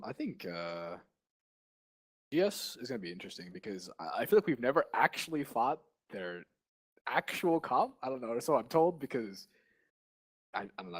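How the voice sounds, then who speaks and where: A young man, a guild leader, chatting casually in an esports interview, laughing often and stringing along fillers. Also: fairly low pitch. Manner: excitable, laughing, lots of fillers.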